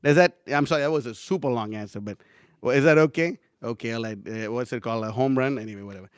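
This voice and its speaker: A man's voice: mid-range voice, fast talker, smooth, no echo, studio quality. A young man teaching a casual class, rambling and chatty with many fillers and laughs. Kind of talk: casual class talk with anecdotes.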